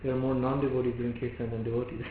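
In a medium-pitched voice with little rise or fall, a male preacher delivers a devotional lecture, laying out his points in order and stopping on rhetorical questions. The sound reverberates through a very echoey hall and comes across thin and phone-like, with a soft hiss behind it.

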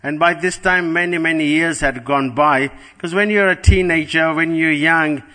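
A man's voice: a little high, bright, forceful tone. A middle-aged man giving a devotional class, telling a story in an earnest way and repeating words for emphasis. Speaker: spiritual teacher.

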